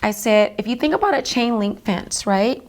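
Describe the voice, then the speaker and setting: A woman's voice: fairly high pitch, normal speed, darkish tone. A woman being interviewed as an author, earnestly retelling a personal story in vivid detail, with many fillers.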